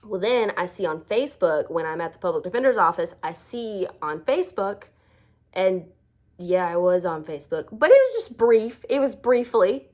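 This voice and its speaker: A woman's voice: mid-range voice, big pitch swings, moderate pace, a little mellow. A young woman telling a personal story in a chatty, self-deprecating way, acting out the voices of the people in it. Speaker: vlogger. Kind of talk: casual storytelling.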